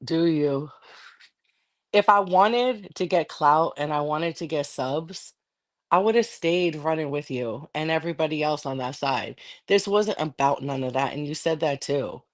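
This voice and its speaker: A woman's voice: deep voice, unhurried. Angry profane woman ranting on stream. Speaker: livestreamer. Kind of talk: heated livestream rant.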